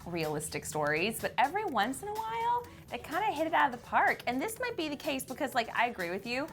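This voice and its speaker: A young woman co-hosting a celebrity news show, chatty, teasing and quick to giggle. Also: high-pitched, wildly swooping pitch, fairly bright tone, soft background music. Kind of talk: playful celebrity news chat.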